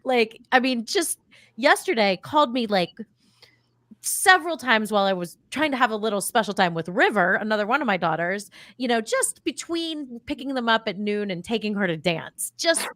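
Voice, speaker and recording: A woman's voice: a little high, lively intonation, a bit bright, dry recording. A woman co-hosting a talk show, chatting casually and rambling through stories about her kids over a video call. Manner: chatty, rambling, quick asides. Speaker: co-host. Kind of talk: casual chat about parenting.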